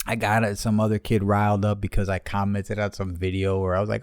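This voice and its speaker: A podcast host in his thirties retells a story fast, in casual, profane language, laughing as he goes. His voice is fairly low and level, with a clean tone and studio-quality sound free of room noise.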